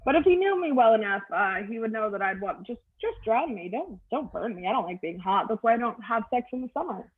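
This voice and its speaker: A woman's voice: a little high, lively intonation, a little fast, hardly any pauses, breathy edge. A middle-aged woman doing a stand-up comedy set over a video call, with a crude, offhand delivery. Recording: tinny phone-like video call audio.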